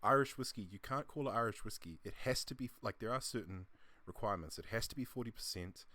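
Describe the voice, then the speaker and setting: Kiwi host, lowish voice, easygoing interviewer, dry close sound. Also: male voice, fast, sharp tone, no echo. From New Zealand. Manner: easygoing, asks rambling questions. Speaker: podcast host. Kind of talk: casual interview chat.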